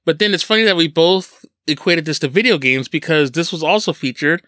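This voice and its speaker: Co-host: young American guy, excitable and expressive, bright tone, dry close mic. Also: on the high side, brisk, no room sound. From United States. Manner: excitable, laughs loudly, swears. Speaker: podcast co-host. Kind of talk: casual chat about music.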